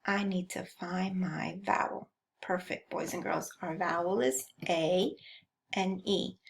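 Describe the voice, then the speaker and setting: A woman teaching a first grade phonics lesson, speaking clearly in a sing-song teacherly way and prompting young children to repeat after her. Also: fairly low pitch, steady tone, slow.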